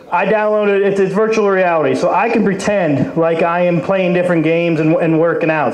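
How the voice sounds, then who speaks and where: A man's voice: high-pitched, a little mellow, echoey room, poor audio. A man in his forties doing a stand-up set at an open mic, rambling and crude. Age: 40s. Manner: rambling, lots of fillers and restarts, crude. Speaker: stand-up comedian. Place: brewery open mic stage.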